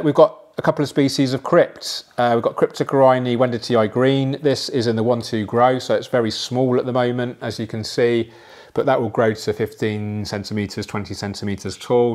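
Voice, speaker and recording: A man casually explaining how he plants an aquarium, chatty and relaxed, with frequent fillers and asides. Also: medium pitch, moderate pace. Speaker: aquascaping presenter.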